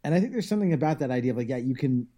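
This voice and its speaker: A man's voice: medium pitch, lively intonation, racing, warm tone. A man chatting on a podcast in a thoughtful, explanatory way. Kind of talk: casual podcast chat.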